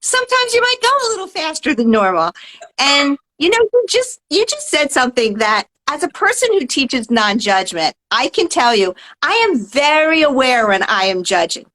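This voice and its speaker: A woman guest who teaches mindfulness, explaining calmly and earnestly in an interview, often adding "right?". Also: sits high, normal speed, low-quality recording. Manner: calm, earnest, explanatory, many "right?" tags. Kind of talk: interview answers.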